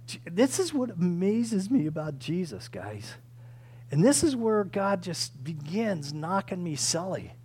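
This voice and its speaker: A man's voice: high voice, sing-song, a little slow, darkish tone, slightly rough. A man preaching a sermon, earnest and emphatic, acting out quoted prayers and pleas.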